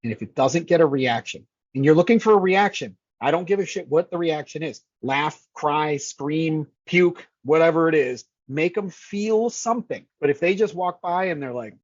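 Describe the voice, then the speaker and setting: A man's voice: on the high side, moderate pace, few pauses, dry recording, muffled recording. A man who manages scare actors, talking casually and energetically in an interview, swearing freely and acting out lines.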